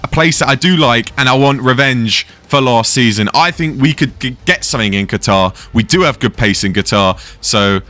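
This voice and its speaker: A man commentating his own racing game play-by-play in an excitable, fast-moving way. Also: mid-range voice. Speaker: gaming YouTuber commentating his own race. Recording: faint game music behind.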